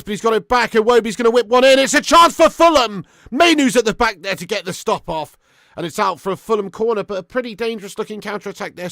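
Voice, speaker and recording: A man hosting a live football watch-along, commentating on play and chatting with viewers. He swears a lot and swings between excited shouting and flat grumbling. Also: high voice, creaky, dry recording, clean studio sound. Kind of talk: live match commentary and fan chat.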